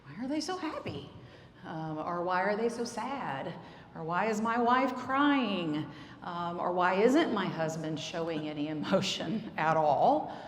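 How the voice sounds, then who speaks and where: A woman's voice: on the low side, animated, a little slow, a little hiss or hum. A woman giving an earnest, explanatory church talk on marriage, with frequent fillers. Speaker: marriage counselor. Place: church hall. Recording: echoey hall, faint ambience.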